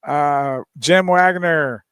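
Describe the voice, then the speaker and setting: Male co-host, voice a touch high, easygoing banter, dry close studio mic. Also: extremely slow, a bit bright, smooth, no room sound. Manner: easygoing, laughs often, reads names aloud. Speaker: radio show co-host. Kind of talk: casual radio chat.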